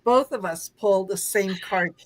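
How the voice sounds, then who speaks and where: A woman co-hosting a casual tarot chat over a video call, enthusiastic and quick to agree. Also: medium pitch, no echo. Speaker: co-host.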